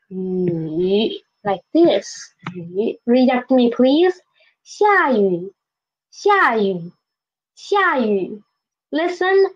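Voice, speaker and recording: A woman's voice: a little high, highs cut off. A woman teaching a language lesson, patiently modeling words and repeating them for students to read after her. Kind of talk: slow, clear classroom instruction.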